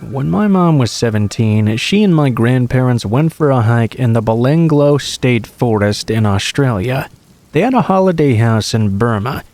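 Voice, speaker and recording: A man calmly reading true horror stories aloud as a scripted narration. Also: mid-range voice.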